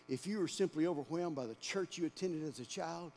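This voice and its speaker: A male pastor preaching a dramatic sermon in a church, swinging between hushed lines and shouted ones. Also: a little high, a little fast, a little hiss or hum. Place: church sanctuary. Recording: long church-hall reverb.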